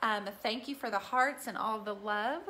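A woman's voice: a little high, normal speed, bright, forceful tone, slight background noise. A woman hosting a casual craft livestream, chatty and upbeat, talking straight to her viewers over a video call. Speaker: host of a painting livestream.

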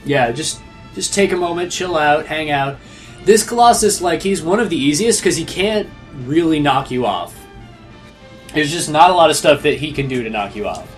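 A man's voice: on the high side, normal speed. A man casually coaching a friend through a video game, talkative and full of restarts. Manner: animated, chatty, with frequent restarts. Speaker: guide coaching the player. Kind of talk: casual let's-play banter. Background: game music.

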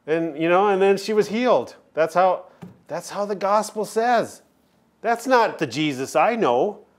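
Male chaplain, somewhat high voice, unhurried, earnest emphatic sermon delivery. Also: expressive. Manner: earnest, emphatic preaching with dramatic pauses.

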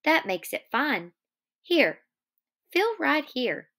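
A woman's voice: sing-song, slow pace, bright, forceful tone, exaggerated voice. A woman voicing a coy young ranch wife. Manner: coy, then shrill.

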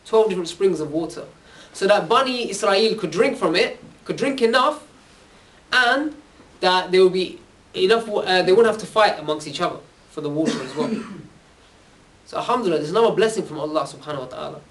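A man's voice: sits high, expressive, brisk, a bit bright. A young man giving a casual religious talk, chatty, often checking in with "yeah?". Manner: chatty, keeps asking "yeah?". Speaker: Islamic preacher. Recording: voice from far off the mic.

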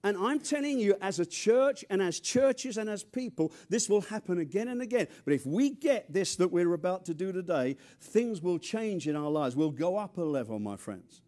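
An older man from near London preaching a sermon with an English accent, animated and humorous, dropping from loud emphasis to quiet asides. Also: sits high, moderate pace, hardly any pauses. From England. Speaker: pastor.

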